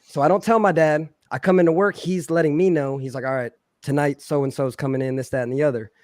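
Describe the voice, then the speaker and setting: His voice is on the high side and fast, recorded dry at studio quality. He's a Philadelphia native telling a long, swear-filled story on a laid-back podcast, loudly acting out each person he quotes with plenty of animation.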